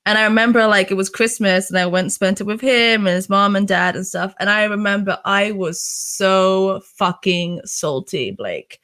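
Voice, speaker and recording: This is a young woman from the UK, an interview guest who talks in loose, rambling chat. Her sentences pile up fillers and curse words as she tells her story. Her voice sits at a middling pitch. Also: moderate pace, few pauses, a bit bright. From United Kingdom. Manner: chatty storytelling, heavy fillers, swears freely. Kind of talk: casual chat.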